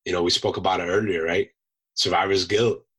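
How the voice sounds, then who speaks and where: A man, a Marine veteran and chef, telling animated stories in a casual podcast interview, often dropping "man" and "you know". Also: low voice, fairly quick, rough recording.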